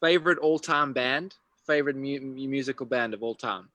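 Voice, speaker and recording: A man hosting an interview, asking brisk, playful quick-fire questions. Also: mid-range voice, pushed and bright, no echo. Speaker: interview host.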